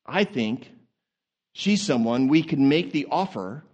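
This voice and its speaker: A man voicing a calm, fatherly male deity thinking aloud in measured tones. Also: medium pitch, husky, highs cut off, voice pushed down. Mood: musing.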